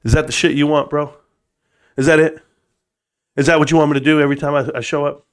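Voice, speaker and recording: Brief: high-pitched male stream host, loose profane joking rants, calls everyone bro. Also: little pitch movement, fast talker, clear, resonant tone. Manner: addresses viewers as bro. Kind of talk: casual live stream chat.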